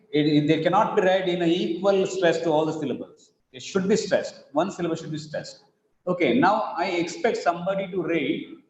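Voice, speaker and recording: A man with an Indian English accent teaching an English pronunciation class online, speaking slowly and repeating words to model their stress. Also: on the high side, a little mellow. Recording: echoey, dull online class audio.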